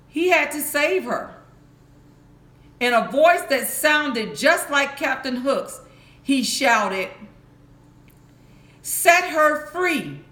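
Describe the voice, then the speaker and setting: Slow-reading woman telling a bedtime story. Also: on the high side, sharp tone. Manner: slow, careful reading with small restarts. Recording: echoey room.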